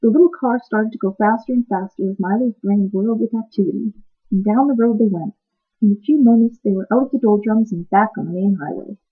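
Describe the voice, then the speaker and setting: A woman reading a children's book aloud in a gentle, even storytelling manner. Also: mid-range voice, brisk, slightly rough. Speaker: reader. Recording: tinny phone-like sound.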